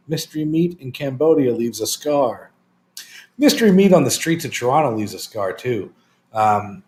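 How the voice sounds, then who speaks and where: A man's voice: mid-range voice, darkish tone. A man co-hosting a casual talk show, trading dry, self-mocking wisecracks and anecdotes. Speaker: co-host. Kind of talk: crude comedic casual chat. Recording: echoey room with faint noise.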